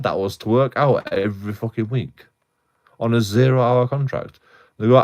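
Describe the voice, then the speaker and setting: A man's voice: mid-range voice, normal speed, a little mellow. A young man, ranting casually on a live stream, rambling with heavy swearing and many restarts.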